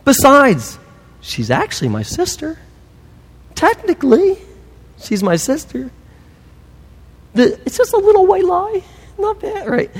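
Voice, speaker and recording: A man's voice: extremely high pitch, wildly swooping pitch, unhurried, pauses often, big-room sound, pitched above the performer's own voice, full character voice. A man voicing a defensive old patriarch who sheepishly makes excuses for himself. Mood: whiny excuses.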